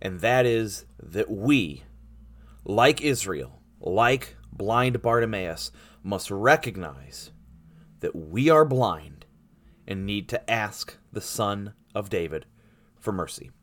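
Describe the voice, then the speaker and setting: A man preaching a sermon, reading scripture and earnestly explaining it, stressing particular words. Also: fairly low pitch. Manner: earnest, deliberate, emphasizing key words; animated dramatic delivery when reading. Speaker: pastor.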